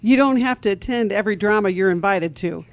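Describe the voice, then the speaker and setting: Lady co-host on call-in advice radio, friendly, asks questions, mid pitch. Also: brisk.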